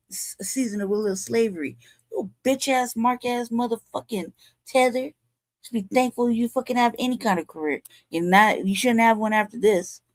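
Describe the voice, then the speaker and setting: A woman's voice: fairly high pitch, darkish tone, dry recording. A woman in her forties from California, hosting a commentary show and ranting angrily with heavy profanity. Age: 40s. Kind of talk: heated livestream commentary.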